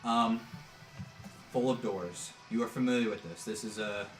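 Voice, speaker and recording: A man narrating as game master of a tabletop game, halting, with many fillers and restarts. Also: lowish voice, fairly even intonation. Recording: roomy, distant mic, music behind.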